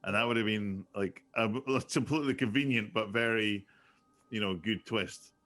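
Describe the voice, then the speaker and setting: Low-voiced man rambling through movie commentary. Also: moderate pace, fairly bright tone. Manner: rambling, reflective, laughs often. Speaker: filmmaker on a commentary track. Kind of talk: casual commentary chat.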